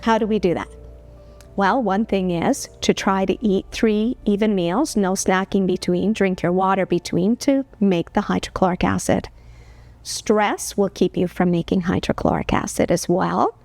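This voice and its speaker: A woman's voice: mid-range voice, steady tone, moderate pace, darkish tone, dry recording. A woman health educator explaining digestion as a talk-show guest, in an earnest, explanatory way with rhetorical questions. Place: television studio.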